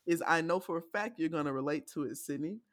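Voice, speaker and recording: A woman from the American South co-hosting a podcast in casual chat, telling animated stories and laughing often. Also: low voice, fast talker, dry recording, clean studio sound. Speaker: podcast co-host.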